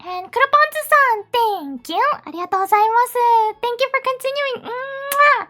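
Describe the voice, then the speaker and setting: Giggling and cutesy, a woman with a Japanese accent thanks viewers while chatting casually on her live stream. She has a very high, bright voice, lively intonation and a quick pace, and soft music plays faintly behind her.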